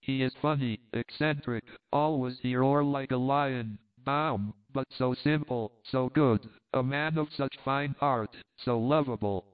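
A man's voice: mid-range voice, a little slow, few pauses, clear, resonant tone, close to an everyday voice. A man reading aloud, voicing a flirtatious foreign countess who speaks broken English with a foreign lilt, heard through a tinny phone-like sound. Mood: coaxing.

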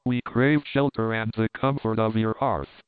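A man's voice: fairly low pitch, steady tone, measured pace, clean tone, no echo, natural voice. A man reading the part of a bold young Athenian man in a storybook, tinny and phone-like. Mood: steady. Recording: tinny phone-like dry sound.

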